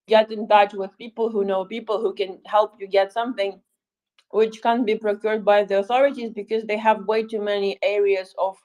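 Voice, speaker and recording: A woman's voice: mid-range voice, a little mellow, low-quality recording. Woman talking with many fillers. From Ukraine. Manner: thoughtful, many fillers and restarts, dry humor. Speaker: volunteer speaker. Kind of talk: casual chat in a live audio room.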